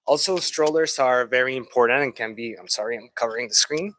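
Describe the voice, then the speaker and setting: A man's voice: medium pitch, fairly quick, fairly bright tone, no echo, poor audio. A man presenting pediatric mobility products to a training group in a fluent, explanatory way. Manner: fluent, explanatory, lightly conversational. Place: training room.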